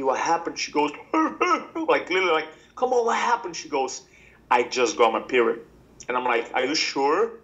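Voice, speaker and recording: A middle-aged man, a podcast guest, telling a personal story in an animated way and acting out the quoted lines. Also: medium pitch, lo-fi sound. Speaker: podcast guest, speaker and coach.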